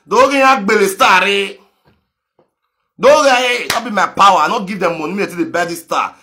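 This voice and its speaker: A man with a Nigerian Pidgin English accent giving an emphatic, repetitive social media rant, swinging between loud bursts and low muttering.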